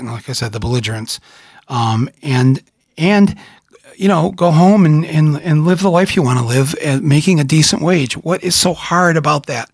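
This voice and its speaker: A middle-aged man from Michigan hosting a conversation, rambling and animated, with frequent restarts and laughs. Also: medium pitch, dry recording, clean studio sound. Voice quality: husky. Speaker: host. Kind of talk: casual conversation.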